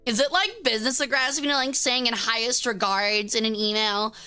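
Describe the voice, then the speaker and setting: A woman's voice: fairly high pitch, fairly quick, pushed and bright, smooth. A woman streamer chatting casually with her viewers, with playful, profane teasing banter.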